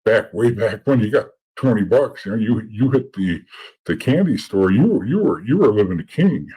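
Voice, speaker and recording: A man's voice: lowish voice, big pitch swings, moderate pace, mellow, slightly rough, rough recording. A middle-aged man telling stories from his past as a podcast guest, blunt and profane, often repeating words as he talks. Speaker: podcast guest, former informant. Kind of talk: casual storytelling.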